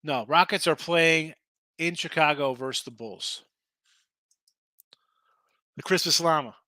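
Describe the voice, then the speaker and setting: Speaking a little slowly in a fairly high, sharp voice with no room sound, a man hosts a sports betting live stream. He chats casually, reads viewers' comments, talks directly to the chat, and breaks off into loose rants.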